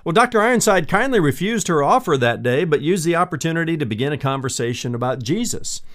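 A man's voice: a little high, expressive, quick pace. Earnest male pastor preaching a sermon. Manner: earnest, addresses listener as friend.

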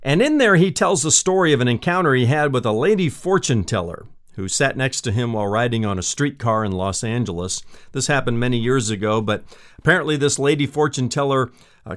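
A man's voice: medium pitch, fairly quick. A man preaching a sermon as a pastor, earnestly addressing the listener as friend.

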